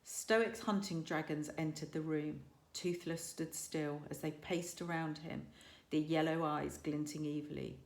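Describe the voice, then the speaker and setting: A primary school teacher, a woman, reading a children's story aloud with lively, expressive storytelling. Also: low-pitched, a little slow. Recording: echoey room.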